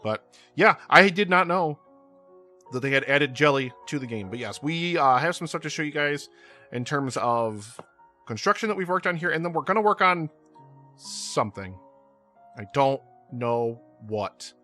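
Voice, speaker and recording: Bright-voiced man rambling over gameplay. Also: mid-range voice, animated, moderate pace, faint music behind. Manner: rambling, repeats words, many fillers. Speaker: gaming channel host. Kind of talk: casual gameplay commentary.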